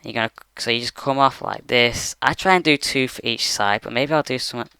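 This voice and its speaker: A man's voice: medium pitch, a little fast, gravelly, pushed and bright, smooth, no room sound. A man talking through a game tutorial from his bedroom computer, rambling casually with lots of fillers. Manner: rambling, many fillers like "you know" and "like". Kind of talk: casual screen-recorded tutorial.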